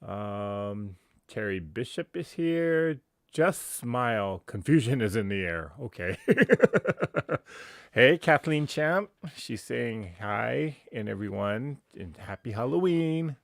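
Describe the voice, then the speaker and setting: A man's voice: medium pitch, very animated, takes it slowly, creaky, dry recording, studio quality. A man hosting a casual livestream, chatty and laughing often as he greets viewers by name. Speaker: livestream host.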